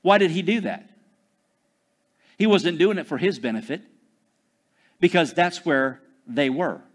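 A man preaching a sermon, swinging between loud proclamations and hushed, drawn-out phrases, calling out to the congregation for responses. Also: a little high, expressive. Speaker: pastor.

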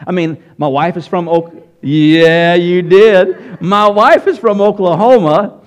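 A man's voice: high voice, takes it slowly. A man with a Southern US accent preaching a sermon in church, asking the congregation questions directly. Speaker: pastor.

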